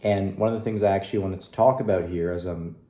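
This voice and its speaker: A young man with a fairly low voice talks straight to his viewers, upbeat and a little rambling, with lots of fillers. His room is echoey, and he sits at his computer with keys clicking now and then. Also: fairly even intonation, fast talker, warm tone. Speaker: vlogger. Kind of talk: casual video diary.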